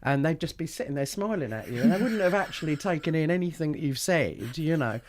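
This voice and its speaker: A woman with a London accent co-hosting a radio show, chatting fast and giggling often, her words running together. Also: deep voice, expressive, darkish tone. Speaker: radio co-host. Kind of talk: casual radio chat. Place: radio studio. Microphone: studio mic.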